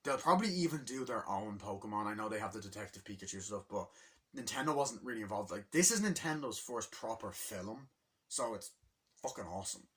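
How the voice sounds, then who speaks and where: A young man giving a rambling, excitable spoken movie review, acting out scenes from the film. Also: brisk, husky. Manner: rambling, excitable, acts out scenes in high voices.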